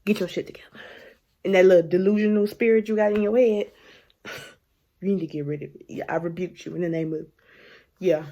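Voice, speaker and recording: A woman in her twenties telling a story to camera in a sassy, animated way, often sighing and laughing and sometimes dropping into a hushed aside. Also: lowish voice, fairly quick, long pauses. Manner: drops to a hushed aside at times.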